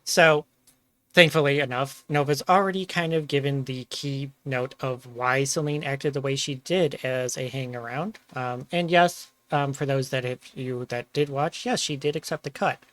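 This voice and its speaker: A man's voice: medium pitch, normal speed, a bit bright, dry recording. A man hosting a stream, energetically explaining a roleplay story and thanking his chat. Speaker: Twitch streamer host.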